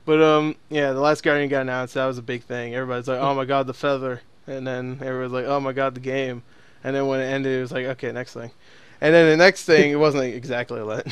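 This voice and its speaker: A man's voice: mid-range voice, clean tone, no echo. A man hosting a podcast in casual chat, rambling, laughing often and swearing freely. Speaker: podcast host.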